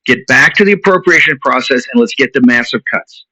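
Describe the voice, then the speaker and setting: A man's voice: medium pitch, animated, fairly quick, bright, forceful tone, dry recording. A man hosting a show, ranting in heated commentary and hammering his points with repetition. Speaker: show host. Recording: dull lo-fi recording.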